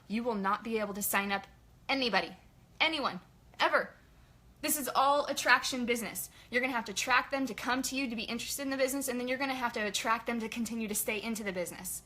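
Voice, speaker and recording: A woman leading a casual motivational team training, chatty and energetic in her pep talk. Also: on the high side. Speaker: sales team leader.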